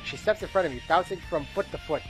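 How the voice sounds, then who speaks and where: During a game playthrough, a man reads the narration aloud, sounding tired and bored, with small slips and asides. His voice sits high and he talks quickly, with faint music behind him.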